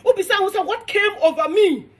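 A woman's voice: very high-pitched, a little fast. A young Ghanaian woman delivering a heated, defiant, scolding monologue rant. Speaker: social media commentator.

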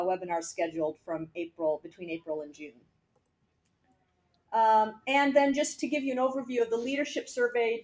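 A woman's voice: mid-range voice, darkish tone, rough recording. A woman giving a staff update at a board meeting, with many fillers and restarts. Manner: rambling with many fillers, laughs easily.

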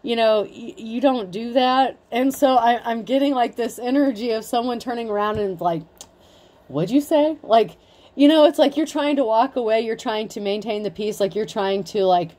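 Woman, mellow dark tone, chatty, blunt, swears a lot, tarot reading. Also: on the high side, moderate pace. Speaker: tarot reader. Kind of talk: casual tarot reading monologue.

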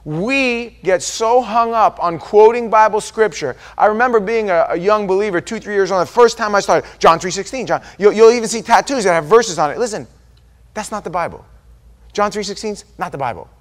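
A high-pitched American man delivers a sermon with lively energy. He acts out quoted voices and sometimes falls to a low, quiet aside before climbing back up. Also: fairly quick. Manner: animated preaching with quoted voices and sudden soft drops. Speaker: pastor.

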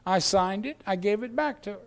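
A middle-aged male pastor preaching a sermon in a church, telling stories and acting out voices, swinging from hushed asides to shouting. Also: sits high, fairly quick, gravelly. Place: church sanctuary.

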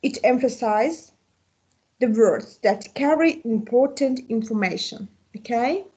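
A woman with an Azerbaijani accent, an English teacher slowly explaining a recorded lesson, with an occasional slip. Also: on the high side, expressive, warm tone, breathy edge. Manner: slow, deliberate explaining with occasional slips.

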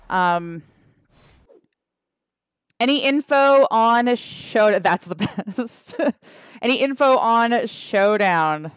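A woman's voice: medium pitch, lively intonation, takes it slowly, smooth, no room sound, clean studio sound. A Canadian woman streaming a mobile game, chatting casually and wryly with her chat, trailing off with fillers. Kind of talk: casual livestream chat reading the chat.

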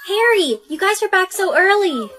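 A synthetic woman's voice reading the lead roles of short POV skits in an even, machine-like way. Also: extremely high pitch, moderate pace, faint music behind, rough recording. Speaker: text-to-speech storyteller. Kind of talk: text-to-speech POV skit narration.

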